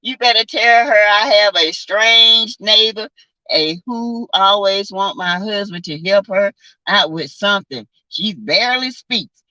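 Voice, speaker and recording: A woman with a Southern American accent, telling stories in a sassy, animated casual chat, swearing and calling listeners honey and baby. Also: medium pitch, measured pace, dry recording, poor audio. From South Carolina. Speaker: vlogger chatting with live viewers.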